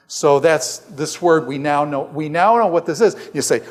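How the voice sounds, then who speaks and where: A man's voice: a little high, moderate pace, long reverb tail. A man lecturing to a classroom, conversational, asking his students one question after another. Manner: asks the class frequent questions, conversational and animated. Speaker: professor lecturing on Bible translation.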